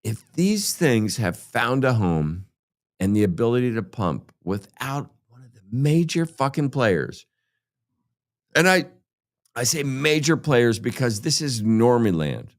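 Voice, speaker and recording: A crypto podcast host with a medium-pitched voice delivers a heated, sarcastic rant, swearing constantly. His pitch swings widely even though his pace stays measured.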